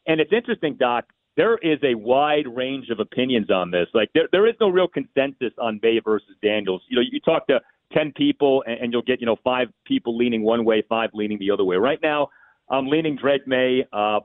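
A man giving measured, opinionated analysis on sports radio, thinking aloud with small restarts. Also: mid-range voice, expressive, no echo. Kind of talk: call-in sports radio talk. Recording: tinny phone line.

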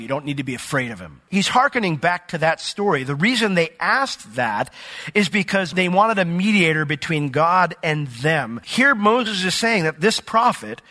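A man's voice: on the high side, pushed and bright, long reverb tail. A male pastor preaching a sermon in a conversational way, reading from the Bible and asking the congregation questions.

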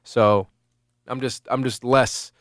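A man's voice: medium pitch, fairly even intonation, slow pace, dry recording, studio quality. Rambling man talking sports. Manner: rambling, many restarts and fillers. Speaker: sports talk host. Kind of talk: casual sports chat.

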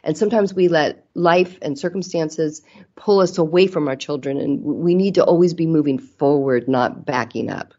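Reflective middle-aged woman chatting about raising kids, lowish voice, dull sound. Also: normal speed, warm tone. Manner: earnest, reflective, acts out quoted mom voices. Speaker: guest. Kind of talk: casual chat about parenting.

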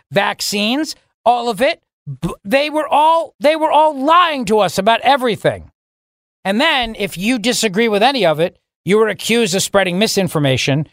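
A man's voice: sits high, a bit bright, no echo, studio quality. A man hosting a talk radio show, delivering a sarcastic, opinionated monologue and acting out mock dialogues.

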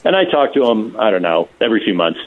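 A man calling in to a radio show, telling a story in an animated, laughing way. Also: fairly low pitch, fast. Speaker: radio show guest on phone. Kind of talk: casual storytelling. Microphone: phone. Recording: tinny phone line.

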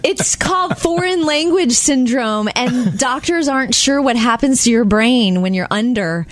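A woman co-hosting a casual talk show, chatty and quick to laugh as she tells stories. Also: fairly high pitch, lively intonation, no room sound. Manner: chatty, laughs often, storytelling. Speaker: radio show co-host. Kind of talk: casual morning show banter.

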